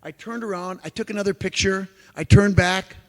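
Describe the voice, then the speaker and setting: A man giving a lecture as an animated storyteller, who acts out the exclamations he quotes. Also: high voice, normal speed. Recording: long hall reverb.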